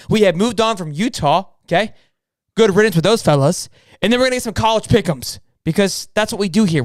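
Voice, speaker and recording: A young man co-hosting a live sports podcast, talking fast and hyped with plenty of slang. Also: high-pitched, no room sound, clean studio sound. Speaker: podcast co-host.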